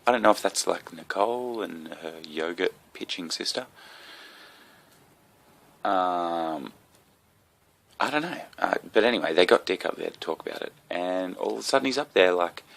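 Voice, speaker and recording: A man's voice: deep voice, lively intonation, moderate pace, gravelly, pauses often, a bit bright. An Australian man with a sick, coughing voice, hosting a rambling solo comedy podcast full of swearing and asides.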